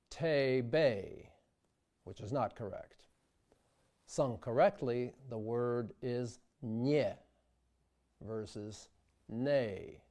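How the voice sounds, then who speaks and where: A man teaching sung diction, speaking slowly and carefully and demonstrating vowel sounds aloud. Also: medium pitch, dark tone. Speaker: diction instructor. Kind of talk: instructional video lesson.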